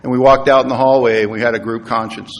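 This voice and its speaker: A middle-aged man stands before a recovery meeting and tells his story earnestly, with a middle-range voice. He drops into hushed, quiet tones at the tender parts. The long reverb of a large hall surrounds his voice. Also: medium pitch, fairly even intonation, quick pace. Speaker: AA speaker. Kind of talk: personal recovery talk to an audience.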